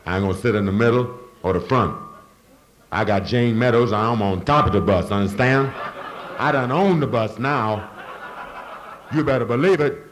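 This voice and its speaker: A man putting on a loud swaggering braggart. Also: medium pitch, normal speed, long pauses, voice pushed up, lightly acted. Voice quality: loud, slangy, boastful. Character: swaggering man boasting he owns the town. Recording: live audience crowd noise.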